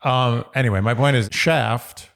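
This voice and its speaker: A man's voice: medium pitch, unhurried, creaky, fairly bright tone. A man with a New York accent co-hosting a podcast, rambling through stories in a casual, self-deprecating way. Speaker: podcast co-host. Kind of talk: casual chat.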